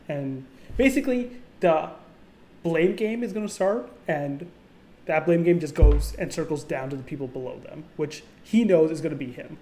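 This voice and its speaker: A man's voice: on the high side, expressive, fairly quick, warm tone, slight background noise. A man narrating a tabletop role-playing game as game master, casual and rambling, with lots of fillers.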